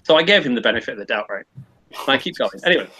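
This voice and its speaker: A man's voice: medium pitch, animated, racing, sharp tone, breathy edge, low-quality recording. A man on a podcast telling a long, rambling story, swearing often and restarting his sentences. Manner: rambling, profane, frequent restarts. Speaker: podcast co-host. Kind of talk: casual storytelling.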